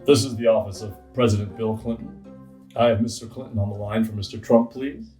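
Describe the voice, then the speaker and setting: A man's voice: on the low side, level tone, quick pace, dark tone, reverberant, recorded from a distance, faint music behind. Effusive man in his sixties on a phone call. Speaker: businessman taking a call.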